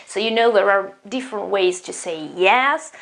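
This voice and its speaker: Gravelly-voiced woman teaching English. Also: medium pitch, moderate pace, a bit bright. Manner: explanatory, many fillers and restarts, repeats example phrases with emphasis. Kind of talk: online English lesson.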